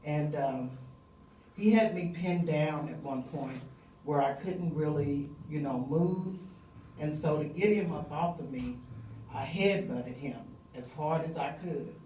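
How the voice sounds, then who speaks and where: A middle-aged woman telling a personal story live on stage, vivid and conversational with frequent pauses and fillers. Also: low voice, mellow, reverberant, distant mic, slight background noise, low-quality recording.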